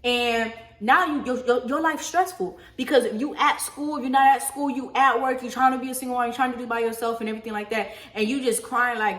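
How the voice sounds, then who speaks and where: A young woman, casually lecturing on faith and choices in an animated, slangy way, often asking "you feel me?". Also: fairly high pitch, fairly quick, hardly any pauses. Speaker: faith vlogger. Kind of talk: casual preachy monologue.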